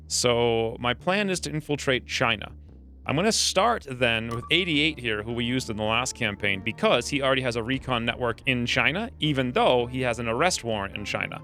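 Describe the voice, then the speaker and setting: A man's voice: mid-range voice, bright, forceful tone. A man hosting a let's play video, giving casual, upbeat commentary and explaining his plans as he plays. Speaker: gaming channel host.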